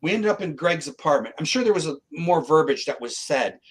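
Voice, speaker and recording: A man's voice: a little high, fairly quick, breathy edge, rough recording. A middle-aged man from Canada, a guest psychic, telling a story in a casual interview and acting out the voices of the people in it. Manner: animated, acts out quoted voices.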